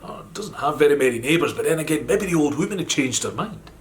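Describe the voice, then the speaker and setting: A man with a Scottish accent telling a folk tale in a gentle, animated storytelling manner. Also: a little high, fast. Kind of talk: storytelling narration.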